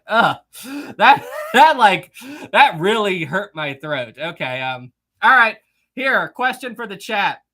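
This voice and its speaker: A man's voice: fairly high pitch, pushed and bright. A man hosting a casual livestream, chatty and giggly, reading viewer messages and rambling with frequent restarts. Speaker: livestream host. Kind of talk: casual livestream chat, reading super chats.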